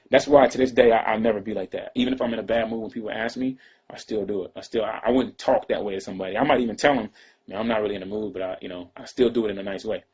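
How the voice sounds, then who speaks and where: A man casually telling a personal story in a rambling, slangy way, often trailing off into quiet asides. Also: lowish voice, breathy edge. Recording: dull lo-fi sound.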